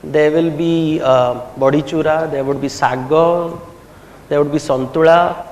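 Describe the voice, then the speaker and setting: A middle-aged man from India, speaking, telling personal stories in a reflective, unhurried public talk at a commemorative function. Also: a little high, steady tone, darkish tone, slight background noise. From India, grew up in Bombay. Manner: reflective, unhurried storytelling with pauses. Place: large hall or auditorium. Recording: echoey hall with long reverb.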